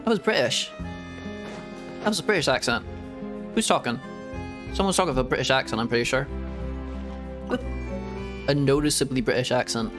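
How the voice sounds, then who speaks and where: A man's voice: medium pitch, moderate pace, long pauses. A man streaming a game as a VTuber, chatting casually and playfully with frequent laughs and joking asides. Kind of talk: casual gaming commentary. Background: game music.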